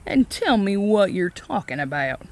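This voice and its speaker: A woman voicing a drunk, leering small-town male sheriff who speaks in a slow, low drawl. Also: very animated.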